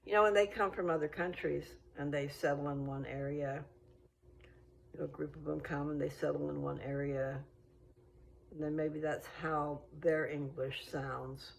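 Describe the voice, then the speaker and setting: A woman's voice: sits low, fairly even intonation, moderate pace, gravelly, slight background noise, rough recording. An American woman chatting casually in a meandering, think-aloud way while out walking. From United States. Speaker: vlogger. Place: outdoors on a walk.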